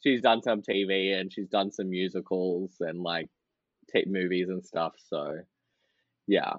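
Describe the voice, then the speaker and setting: A fairly low-pitched man talks through a podcast interview, loose and chatty, laughing often and scattering fillers. The sound is dry and a bit dull. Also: fairly even intonation, measured pace, dry recording. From Australia. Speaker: podcast guest, drag performer. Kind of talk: casual interview chat.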